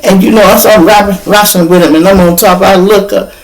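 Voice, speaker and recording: An older man from Chicago hosting a podcast, telling a story in a casual, animated way, full of profanity and spoken sound effects. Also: high-pitched, fairly quick, very noisy. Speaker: podcast host.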